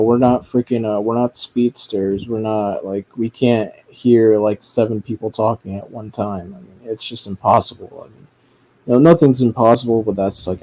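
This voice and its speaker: A man's voice: on the low side, mellow. Rambling, profane man in casual commentary. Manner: rambling, profane, frequent fillers and restarts. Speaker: commentary streamer.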